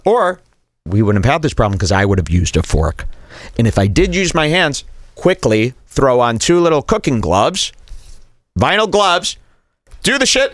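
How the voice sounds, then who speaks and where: Male host, incredulous mocking rant, very animated pitch, dry close sound. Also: no room sound. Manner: incredulous, ranting, mock-quoting others. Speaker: show host reacting to a clip. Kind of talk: mocking commentary over a video.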